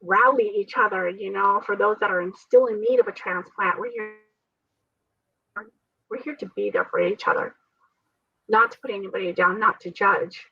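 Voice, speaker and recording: A transplant survivor tells her story during an interview, laughing frequently in an earnest, faith-driven manner. Her medium-pitched voice is creaky, husky, pushed and bright, moving at a moderate pace with long pauses. It was captured dull and dry on a distant microphone.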